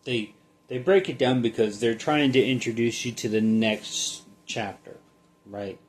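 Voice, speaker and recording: A man giving a casual Bible study, reading a passage in a halting way and then talking it through conversationally. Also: medium pitch, a little hiss or hum. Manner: slow, halting, reads then comments conversationally. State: sleepy, yawning.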